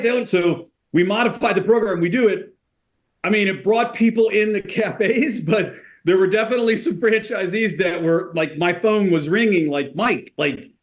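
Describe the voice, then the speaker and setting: Male executive guest, conversational, relaxed, filler-heavy, animated storyteller. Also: on the high side. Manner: relaxed, frequent "you know" and "like" fillers, animated when telling stories. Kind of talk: conversational podcast interview.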